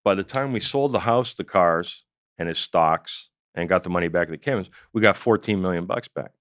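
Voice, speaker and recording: Speaking a little fast in a low register, this middle-aged Canadian comedian, once an investigator, guests on an interview and spins a profane, animated anecdote full of acted-out quotes. There's no echo, and the sound is studio quality.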